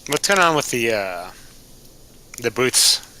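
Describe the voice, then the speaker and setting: A man's voice: medium pitch, sing-song, takes it slowly, pushed and bright, slight background noise, rough recording. A man playing a tabletop game, joking and laid-back. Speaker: player. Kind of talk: casual tabletop game play.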